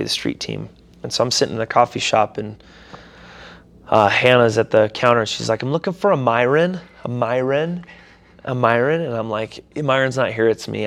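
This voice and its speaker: Gravelly-voiced pastor telling a story. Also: male voice, on the low side. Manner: animated storyteller, acts out voices in quotes. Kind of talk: casual storytelling interview.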